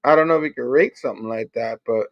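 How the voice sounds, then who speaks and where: A man's voice: medium pitch, fast, no room sound. A man hosting a casual chat, hesitant and laid-back, peppering his talk with "you know.". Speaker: host. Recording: dry, dull lo-fi sound.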